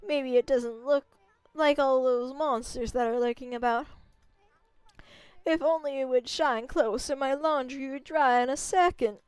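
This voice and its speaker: While streaming, a woman plays a sweet but fussy village grandmother, putting on a Southern drawl and fretting over everyone with folksy, doting warmth. Her raised voice is high, clear and resonant, steady in tone and unhurried, recorded with no room sound.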